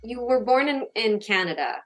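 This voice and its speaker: A woman's voice: a little high, lively intonation, moderate pace, over music. Woman host, asks short questions, says mm-hmm a lot. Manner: asks short questions, frequent listening sounds. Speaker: podcast host. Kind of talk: casual interview.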